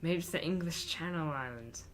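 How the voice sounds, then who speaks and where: This is a casual, jokey football livestream with a man indoors in front of a green screen, reading chat aloud and addressing viewers as lad. His voice is a little high and fairly bright at normal speed, with slight background noise.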